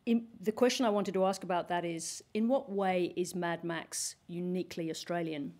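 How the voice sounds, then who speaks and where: A woman interviewer asking measured questions, sometimes restarting mid-phrase. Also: fairly low pitch, fairly even intonation, darkish tone.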